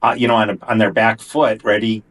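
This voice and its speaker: A man's voice: lowish voice, flat delivery, brisk, fairly bright tone. A man hosting a podcast interview, chiming in with short supportive remarks. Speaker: podcast host.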